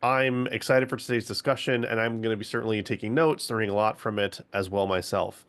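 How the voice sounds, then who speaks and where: A man opens a webinar over a video call, cheerfully reading out introductions. His voice sits a little low. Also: steady tone, fairly quick, fairly bright tone, clean tone. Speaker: webinar moderator. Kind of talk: scripted introductions.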